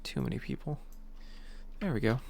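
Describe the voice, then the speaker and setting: A man's voice: mid-range voice, moderate pace, gravelly, a little mellow, slight background noise. A male streamer chatting casually while playing, in a rambling, playful, self-mocking way. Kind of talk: casual gameplay chat.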